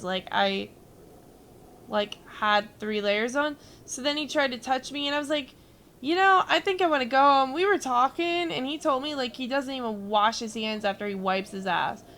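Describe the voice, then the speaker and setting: Young female streamer, gravelly, slightly high voice, rambling and profane while she plays. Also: normal speed, fairly bright tone, a little hiss or hum. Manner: rambling storytelling, swears freely, chats with viewers. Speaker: gaming streamer. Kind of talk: casual chat while gaming.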